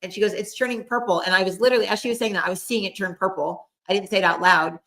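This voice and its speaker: A woman's voice: mid-range voice, very fast, fairly bright tone. A middle-aged woman co-hosting a casual chat, talking in a rambling way full of fillers while relaying what spirits tell her. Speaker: co-host, psychic medium. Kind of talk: casual chat, channeling messages.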